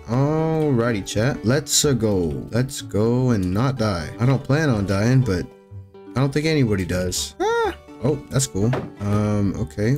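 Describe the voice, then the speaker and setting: A young man giving jokey, excitable commentary while playing a survival game, yelping at sudden scares. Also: fairly low pitch. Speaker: gaming YouTuber. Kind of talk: Minecraft commentary. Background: faint music.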